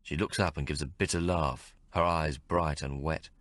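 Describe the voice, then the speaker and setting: A man narrating a novel in the first person, in a measured, restrained storytelling manner on a close studio mic. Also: rumbling low, steady tone, fairly bright tone, no echo. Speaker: audiobook narrator.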